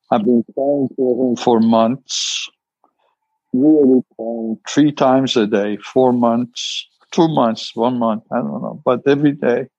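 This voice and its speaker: Man, slow and halting, filler-heavy, muffled dry video call line. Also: medium pitch, darkish tone, no room sound. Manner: hesitant, many fillers. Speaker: meeting member asking a question. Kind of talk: recovery meeting share.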